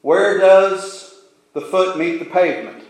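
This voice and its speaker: Slow-preaching man in an echoey room. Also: sits high. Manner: slow, deliberate preaching with emphatic pauses. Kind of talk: sermon.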